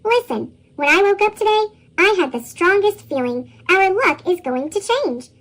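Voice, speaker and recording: A woman doing a gentle dad in chipmunk voice. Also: sing-song, moderate pace, full character voice. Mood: comforting. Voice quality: chipmunk-style pitched-up voice. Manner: gentle, reassuring storybook voice. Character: gloomy but loving father. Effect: chipmunk pitch shift.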